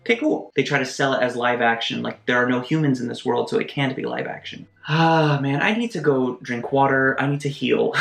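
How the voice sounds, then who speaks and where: A man giving a casual video essay review of a film, animated, with quick asides and mock voices. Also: mid-range voice, vocal fry. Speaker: movie reviewer. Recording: roomy echo, faint music behind.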